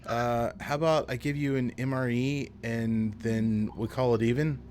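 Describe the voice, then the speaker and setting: A man's voice: mid-range voice, steady tone, moderate pace, a little mellow, clean tone. Laid-back joking male player. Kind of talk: casual tabletop play.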